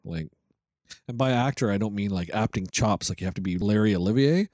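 A man's voice: fairly low pitch, fairly quick, darkish tone, no room sound, studio quality. A man co-hosting a podcast in casual chat, conversational, often asking "right?". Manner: conversational, tag questions, frequent "right". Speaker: podcast co-host.

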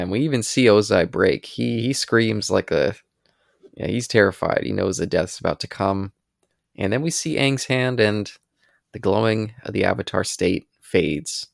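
A man with a very deep, gravelly voice recaps scenes in long descriptive runs as a podcast co-host. His talk is relaxed and casual. The sound is dry. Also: dry recording.

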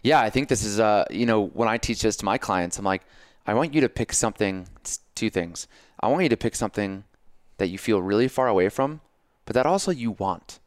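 A man with a low, smooth voice talks casually on a podcast. He speaks as a coach and tells personal stories with animated energy. The sound is close and dry. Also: fairly quick, dry recording. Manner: animated, storytelling, acts out his own self-talk. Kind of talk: casual conversation.

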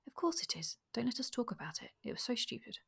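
A woman reading aloud as a shy, gentle young noblewoman in a soft, hushed voice. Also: a little high, sing-song, fast talker, creaky, slightly rough, whispered, pitched above the performer's own voice, full character voice.

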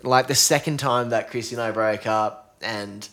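A man's voice: mid-range voice, moderate pace, a bit bright. A man hosting a podcast, talking casually and enthusiastically and swearing freely. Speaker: podcast host. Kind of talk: casual conversation.

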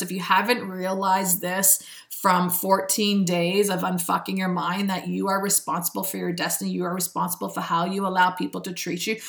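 In a fairly low but fairly bright voice, a woman speaks as a spiritual self-help guide, giving an earnest, preachy motivational monologue punctuated by frequent laughs.

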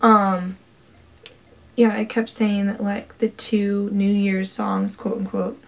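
A woman casually quizzing a friend on holiday trivia, playful and quick to laugh. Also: mid-range voice, flat delivery. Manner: playful, laughs often, tries out foreign words. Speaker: trivia quiz partner. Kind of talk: casual chat.

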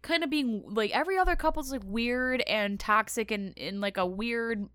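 Bright, chatty female podcast co-host. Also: fairly high pitch, moderate pace, smooth, no echo. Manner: chatty, giggly, swears casually. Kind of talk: casual recap chat.

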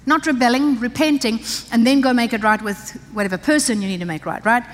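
A woman's voice: on the high side, fairly quick. An older woman preaching a conversational, emphatic sermon to women in a church. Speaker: pastor's wife preaching to women. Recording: long church-hall reverb.

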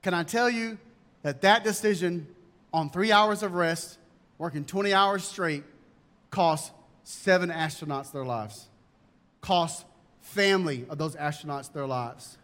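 In a church with long hall reverb, a male pastor delivers an emphatic sermon, posing rhetorical questions. He speaks a little slowly, his voice on the high side and fairly bright.

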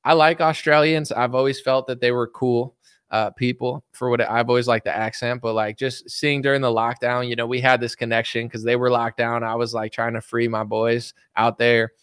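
A man's voice: medium pitch, little pitch movement, normal speed, fairly bright tone, smooth, dry recording, studio quality. A man from the United States answering viewer questions in a casual, rambling, joking livestream chat. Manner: rambling, joking, reads viewer comments aloud.

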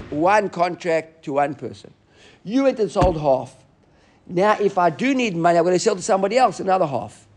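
A man leads a Talmud class, talking fast in a fairly high voice. He explains each step of the text with lively energy and drops Hebrew and Aramaic terms into his English. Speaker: Talmud teacher.

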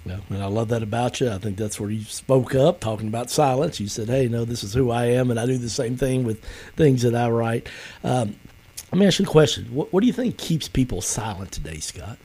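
Guy hosting an interview, mid pitch, friendly, chatty, lots of uhs. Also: animated, fairly quick, warm tone, breathy edge. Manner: friendly, chatty, many ums and restarts. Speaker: interview host. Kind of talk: casual interview chat.

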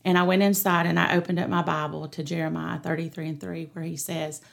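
A middle-aged woman, a pastor giving an earnest, steady personal testimony on a podcast. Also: lowish voice, fairly quick, vocal fry. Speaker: pastor, guest.

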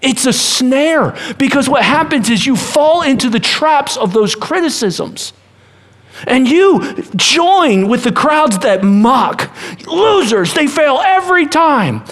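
A man preaching a sermon as pastor, animated, acting out voices and dropping to a hush at times. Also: extremely high pitch, slow pace.

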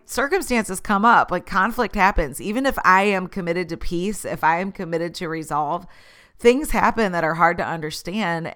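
A woman's voice: on the low side, a bit bright, clear, resonant tone. A middle-aged woman talking candidly about conflict and growth, telling personal stories and acting out what people said. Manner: candid, storytelling, acts out quoted lines. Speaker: speaker sharing life lessons. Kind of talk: reflective personal talk.

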